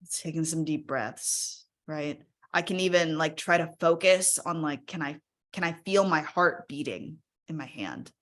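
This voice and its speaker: A woman's voice: deep voice, unhurried, a bit bright. A woman speaking casually in a live webinar, chatty and encouraging, often checking in with her audience with "right?". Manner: encouraging, invites audience to use the chat.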